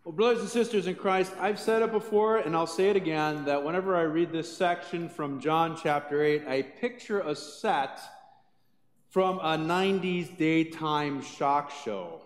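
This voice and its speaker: A man pastor preaching a sermon with animated storytelling. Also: on the high side, a little slow. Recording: echoey church hall.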